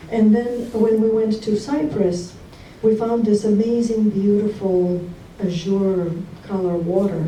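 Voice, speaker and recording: Speaking at her husband's memorial, a woman recalls him affectionately, her stories frequently breaking into laughter. Her mellow, medium-pitched voice is captured from afar in a large, echoing hall where a faint hum lingers.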